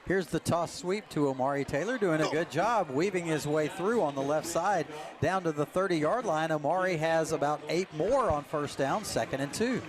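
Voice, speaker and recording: A man doing live play-by-play commentary for a high school football broadcast, calling each play in a measured, descriptive way. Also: a crowd in the background. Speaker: play-by-play announcer.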